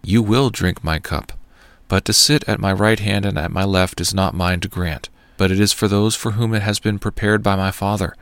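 A calm, authoritative male teacher speaking in measured, steady words, as a male reader gives him voice. The voice sits low with a gravelly edge, close and dry with no room sound. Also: dry recording. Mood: solemn teaching.

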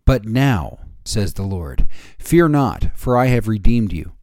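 A man hosting a daily Bible reading podcast, giving devotional commentary in a measured way and slowing down for quoted scripture. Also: lowish voice, very animated, darkish tone, dry recording, clean studio sound.

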